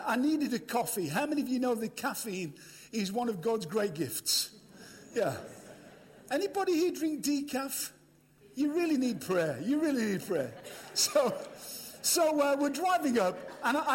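Lively British preacher, high voice. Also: male voice, unhurried. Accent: British English. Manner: chatty, humorous, addresses the audience. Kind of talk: storytelling sermon. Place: large hall with a live audience. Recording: echoey hall.

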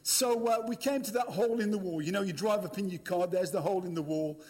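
A man's voice: high voice, fast, a little mellow. An older British man preaching a storytelling sermon, chatty and humorous, talking straight to a live audience. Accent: British English. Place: large hall with a live audience. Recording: echoey hall.

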